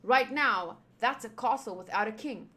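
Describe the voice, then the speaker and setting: A woman's voice: on the high side, normal speed, sharp tone. A woman voicing a dutiful male guard captain while reading a comic aloud, in an earnest, formal manner.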